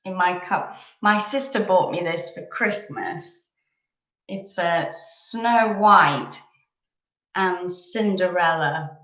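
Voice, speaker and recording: A woman's voice: fairly low pitch, takes it slowly, sharp tone, reverberant, rough recording. A woman in her thirties from England, chatting casually and rambling a little as she hosts a live chat over coffee. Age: 30s.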